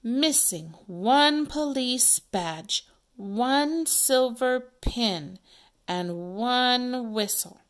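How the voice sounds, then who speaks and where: A woman's voice: fairly high pitch, animated, very slow, voice pushed up. A woman teacher reading aloud the part of a helpful young boy in a children's play. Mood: earnest.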